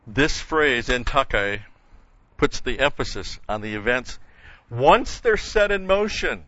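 The voice is fairly low and sharp in tone: an older man giving a Bible study lecture. He explains what words mean, then meanders into folksy anecdotes with chuckles, captured on a muffled lo-fi recording.

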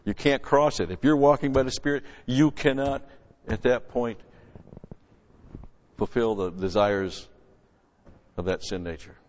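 A man teaching through Bible verses as a pastor, punching key words loudly and then dropping into quick, quieter asides. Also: medium pitch. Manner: emphatic, swells loud on scripture then drops to asides. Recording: lo-fi recording with long hall reverb.

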